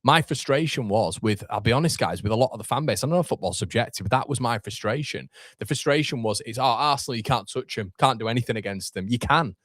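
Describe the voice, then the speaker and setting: A man's voice: medium pitch, animated, fast, a bit bright, dry recording, clean studio sound. A young man hosting a live fan watchalong, reacting with frustration and swearing as he talks to his chat.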